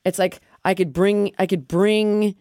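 A middle-aged woman hosts a candid, casual podcast chat at an average pitch, animated and blunt with free swearing. She keeps slipping into quick acted-out quotes of herself and others. The sound is dry and close. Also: no echo. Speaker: podcast host.

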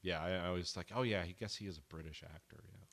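A man with a lowish voice and a bright, forceful tone, chatting casually about a TV episode. He rambles from point to point and keeps slipping into the characters' lines as he retells scenes. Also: fast. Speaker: podcast co-host. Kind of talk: casual TV recap chat.

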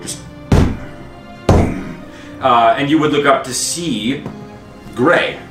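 A man running a tabletop game as game master, narrating in a relaxed, rambling way with many fillers. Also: mid-range voice, takes it slowly, far from the mic. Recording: echoey room, off-mic, faint music.

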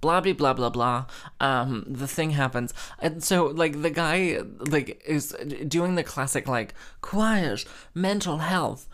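With a measured pace and a slightly high, somewhat bright voice, a male podcast host chats alone, spinning casual stories full of fillers, dramatic asides, and jokes at his own expense.

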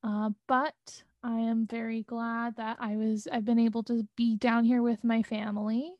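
Young woman cohost, slow easy talk, laughs a lot, slightly high voice, dry sound. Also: no room sound, muffled recording. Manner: laughs often, drawn-out, relaxed delivery. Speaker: podcast co-host, music student. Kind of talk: casual podcast chat.

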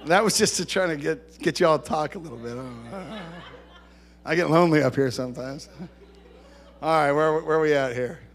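A man's voice: a little high, fairly quick. A man preaching a sermon to a congregation, talking conversationally, joking with the listeners, and rising to emphatic bursts. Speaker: pastor.

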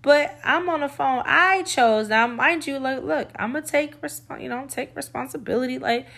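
A young woman sits at her mic for a casual storytime, speaking a little higher than most. She is frank and animated, drops swear words without a second thought, and keeps turning to address the audience directly. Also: normal speed, gravelly. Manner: blunt and expressive, swears freely, talks straight to listeners. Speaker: podcast host.

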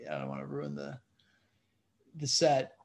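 A man's voice: medium pitch, big pitch swings, a little slow, creaky, darkish tone. A man who is a comedian, a guest on a casual interview, telling rambling stories and often asking "you know what I mean".

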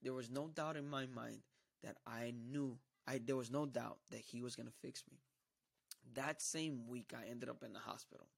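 A man with a gravelly voice gives a personal testimony in church. He tells it emphatically and acts out what others said to him. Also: mid-range voice, moderate pace. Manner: emphatic storytelling, acting out quoted dialogue. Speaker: church member giving a testimony.

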